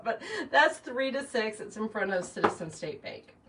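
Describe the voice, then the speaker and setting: Expressive and fairly bright in tone, her voice sits on the high side at a normal speed. She's a middle-aged shop owner hosting a live chat, chatting loosely with many fillers and asides as she works on flowers. The setting is a small indoor shop or home workspace, captured by a distant mic amid faint background noise.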